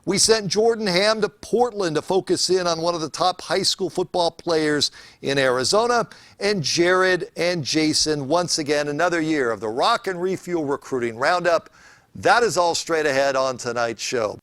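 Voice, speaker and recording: A man hosting a sports show, talking in an energetic, opinionated and chatty way, then interviewing a guest. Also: a little high, moderate pace, no room sound.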